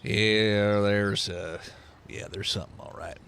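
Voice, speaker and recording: A man doing a cranky gravelly Texan local. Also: fairly low pitch, fairly even intonation, a little slow, fairly bright tone, voice pushed down. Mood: gossipy. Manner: folksy drawl, cranky. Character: gruff rural Texan man, suspicious and blunt.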